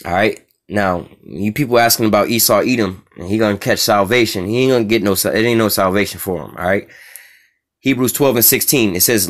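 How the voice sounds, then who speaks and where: A man with a somewhat low voice leads an informal scripture lesson. He reads verses aloud in an unhurried way, then explains them in blunt, casual street talk. His delivery is full of fillers and checks in with the listener again and again. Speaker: scripture teacher.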